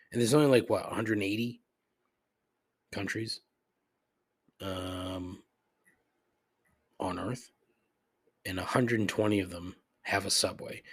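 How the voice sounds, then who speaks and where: A man's voice: medium pitch, breathy edge. Male podcast host, casual profane rant, sardonic storyteller, mid-range voice.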